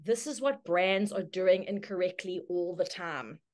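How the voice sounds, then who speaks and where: A woman teaching a branding workshop, telling a story with lively, chatty delivery and acted-out voices. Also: unhurried. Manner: storytelling, acts out quoted voices with sudden high squeals. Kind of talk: live online workshop talk.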